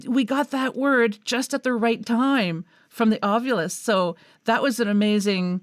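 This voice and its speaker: A woman's voice: on the high side, steady tone, unhurried, no room sound, clean studio sound. A woman hosting a paranormal podcast, chatting casually over a video call and laughing often. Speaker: podcast host. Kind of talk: casual chat.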